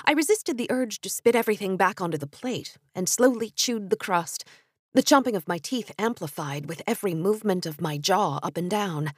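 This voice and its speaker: A young adult woman telling a first-person story with expressive storytelling narration. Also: mid-range voice, normal speed, husky, dry recording, studio quality.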